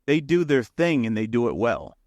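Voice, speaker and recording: A man co-hosting a casual podcast, speaking at an ordinary middle pitch. He talks with eager enthusiasm, rambles and laughs along the way. The sound is close and dry, with no room echo. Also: very animated, moderate pace, darkish tone. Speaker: podcast co-host. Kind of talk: casual chat.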